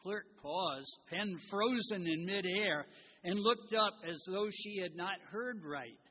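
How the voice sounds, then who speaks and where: Older guy preaching slow in a big echoey church, dull old recording. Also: high voice. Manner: slow, warm storytelling with gentle humor. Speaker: guest preacher. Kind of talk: sermon with a read-aloud story. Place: church sanctuary.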